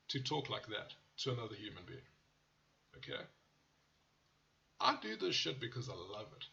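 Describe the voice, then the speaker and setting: A man with a gravelly, bright voice reviews car ads casually. He talks bluntly and swears freely, and he tends to drift into rants. The recording sounds slightly dull and lo-fi. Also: mid-range voice. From South Africa. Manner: blunt and profane, riffs into rants. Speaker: car channel host.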